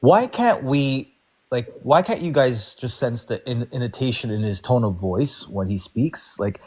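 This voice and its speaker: A man with a mid-pitched voice pushes back earnestly in a live debate. He often stumbles and restarts his sentences. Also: lively intonation, measured pace, a little mellow. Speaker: debate panelist.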